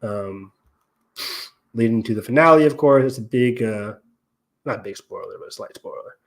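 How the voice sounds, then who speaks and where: Gravelly and fairly low, this man's voice moves at a moderate pace as he co-hosts a podcast. His casual talk runs long with explanation and analysis, dotted with frequent ums and self-corrections.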